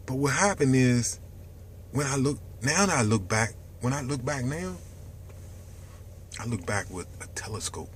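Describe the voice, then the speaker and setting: A man giving an impassioned, profane health monologue to camera from a dark room, swinging from loud outbursts to hushed near-whispers. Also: mid-range voice, lively intonation, unhurried, pauses often, slight background noise. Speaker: health vlogger.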